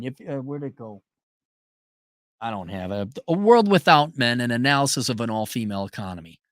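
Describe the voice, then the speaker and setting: A man's voice: mid-range voice, fairly bright tone, no room sound, studio quality. A man hosting a livestream, reading viewer super chats and answering them in a blunt, sarcastic rant. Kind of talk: livestream commentary.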